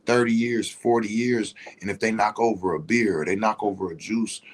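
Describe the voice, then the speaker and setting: A man's voice: lowish voice, fairly even intonation, moderate pace. Rambling man talking on a livestream. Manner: rambling, repeats "you know what I'm saying". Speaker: livestream host. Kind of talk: casual livestream monologue.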